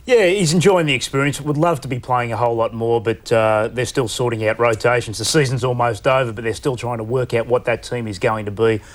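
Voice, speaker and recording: A man's voice: mid-range voice, fairly quick, few pauses. A man co-hosting a sports show in casual studio chat. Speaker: co-host.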